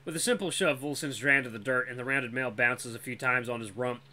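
A storyteller narrating a fantasy story in the first person, with a casual, expressive reading and the odd self-correction. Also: mid-range voice, brisk, slight background noise. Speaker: storyteller, channel host.

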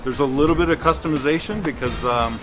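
A man's voice: on the high side, fast. A man, a field engineer, explaining a police car build in a laid-back, friendly way in a shop. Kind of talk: casual explaining. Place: vehicle upfitting shop. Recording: music playing behind.

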